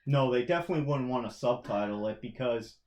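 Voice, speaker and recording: A man's voice: mid-range voice, a little mellow. Man in an echoey room, chatty. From Canada. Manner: chatty, jokey, does quick mock voices. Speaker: podcast co-host. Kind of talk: casual chat about movies. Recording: roomy echo.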